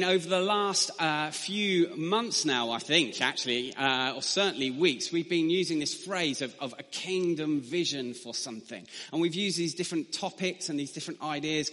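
A man's voice: a little high, fairly bright tone, in a large hall. A man telling a funny, self-deprecating story as a preacher in a sermon. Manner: humorous, self-deprecating anecdotes.

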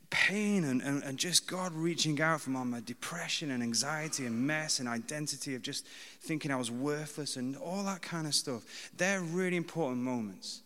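Bright-voiced male preacher in a reverberant hall. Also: mid-range voice. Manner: conversational, self-deprecating, emphatic repetition. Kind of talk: sermon.

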